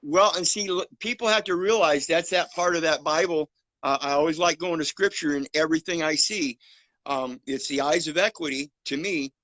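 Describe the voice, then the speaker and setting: A blunt man talks in an emphatic, preachy way and curses freely. His voice sits on the high side and has a bright, forceful edge. The sound is dry and close. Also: moderate pace, no echo, poor audio. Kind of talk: casual chat.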